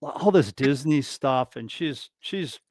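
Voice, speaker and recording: A man hosting a casual drummers' chat, telling stories in an animated way with many restarts. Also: medium pitch, slow pace, no room sound, studio quality. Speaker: host, drummer.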